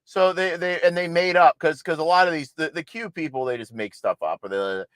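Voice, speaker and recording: A man's voice: on the high side, brisk, a bit bright, clear, resonant tone, no echo, poor audio. A man hosting a livestream with political commentary, speaking in a blunt, exasperated and mocking way. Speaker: host.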